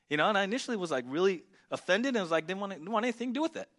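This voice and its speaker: A man in his forties preaching a conversational sermon as pastor, emphatic at times and often dropping to a low murmur. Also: very animated, quick pace, fairly bright tone.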